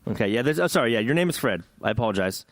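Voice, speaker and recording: A man's voice: medium pitch, animated, rapid-fire, no room sound. A man hosting a gaming podcast in casual chat, joking, rambling and swearing. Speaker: podcast host.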